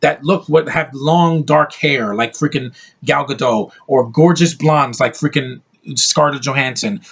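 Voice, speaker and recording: A man's voice: a little high, gravelly, slightly rough. A man reviewing a movie in a heated, profane rant, blunt and scornful throughout.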